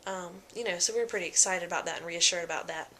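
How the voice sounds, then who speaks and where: A woman's voice: lowish voice, fast talker, pushed and bright, a little hiss or hum. Chatty young woman vlogging casually. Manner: chatty, many fillers and quoted voices. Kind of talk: casual pregnancy vlog.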